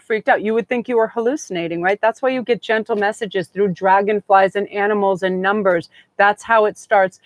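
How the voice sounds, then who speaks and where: A woman's voice: medium pitch, no echo. A middle-aged woman hosting a live tarot reading, talking in a chatty, gushing, meandering way. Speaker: tarot reader and host.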